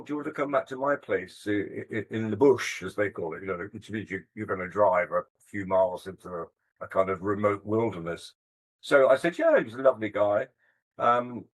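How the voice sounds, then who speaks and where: An older male musician tells stories during a casual interview, sounding thoughtful, hesitant and self-deprecating. His voice is fairly low, and the recording quality is poor.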